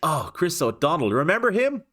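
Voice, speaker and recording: A man's voice: on the high side, sing-song, normal speed, sharp tone. An Irish man hosting a casual reaction video, amused and laughing often as he comments. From Ireland.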